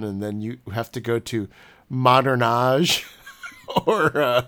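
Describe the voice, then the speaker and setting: A man's voice: mid-range voice, slow pace, fairly bright tone. A man co-hosting a casual podcast chat, rambling and self-mocking, laughing often. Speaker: podcast co-host. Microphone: webcam.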